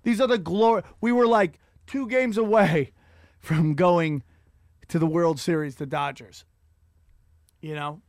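A man's voice: a little high, a little slow, pauses often, dry recording, clean studio sound. A man hosting a podcast, rambling and profane in a casual comedic rant. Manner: rambling, profane, animated storytelling. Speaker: podcast host.

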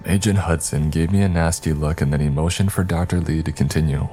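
A man narrating a scary story in a steady, even storytelling manner. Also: rumbling low, a little fast, hardly any pauses, a little hiss or hum. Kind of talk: scripted narration.

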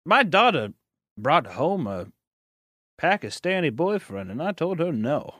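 A man with a Southern US accent jokes his way through a podcast, his fairly high voice swinging up and down as he laughs. The sound is close and dry. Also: very animated, unhurried, a bit bright, no echo. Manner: laughs often, jokey, talks over others. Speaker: podcast co-host. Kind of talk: casual joking chat.

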